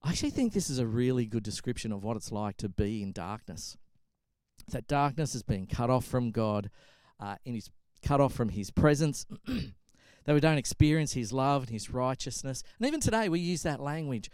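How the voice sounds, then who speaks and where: A man's voice: medium pitch, expressive, moderate pace, darkish tone, smooth, no room sound. A man preaching a sermon, telling a story and pressing his point with emphatic repetition. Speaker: pastor.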